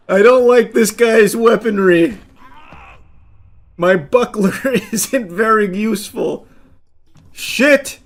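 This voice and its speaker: A man hosting an online video, giving a dry film review and loud gameplay commentary. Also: high voice, slow pace, long pauses. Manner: dry, flat delivery that breaks into loud excited yelling.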